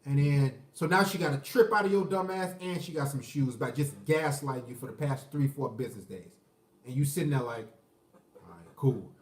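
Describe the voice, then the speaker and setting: A man's voice: medium pitch, a little fast, reverberant, recorded from a distance. A man ranting crudely about dating, acting out bits of quoted dialogue. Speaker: vlogger. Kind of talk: casual rant to camera.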